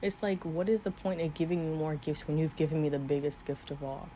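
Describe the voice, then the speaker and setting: A woman's voice: sits low, level tone, fairly quick, mellow, a little hiss or hum. A woman in her twenties talking earnestly to camera about her faith, sometimes teary-eyed, with small laughs. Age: 20s. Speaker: vlogger. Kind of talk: emotional faith talk to camera. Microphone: camera mic.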